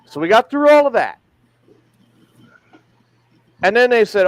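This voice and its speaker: Lively high-voiced profane man. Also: moderate pace, pauses often, no room sound. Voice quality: profane, emphatic. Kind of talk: casual storytelling.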